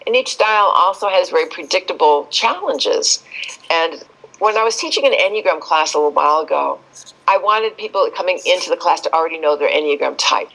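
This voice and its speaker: A woman speaking as an expert guest in a podcast interview, telling stories with lively shifts and acting out quoted voices. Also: on the low side, fairly quick, poor audio.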